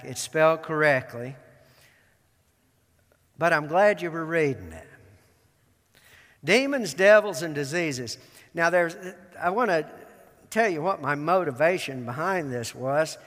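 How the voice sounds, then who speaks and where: A man's voice: on the high side, fairly bright tone. A man from Georgia, preaching in a folksy, self-deprecating way. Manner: folksy and self-deprecating, acts out film lines. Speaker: pastor. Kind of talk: sermon. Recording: long hall reverb.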